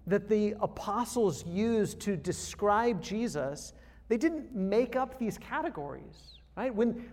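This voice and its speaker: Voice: mid-range voice, a little mellow, big-room sound. A conference speaker teaching pastors about preaching, talking emphatically and building points through repeated phrases and rhetorical questions.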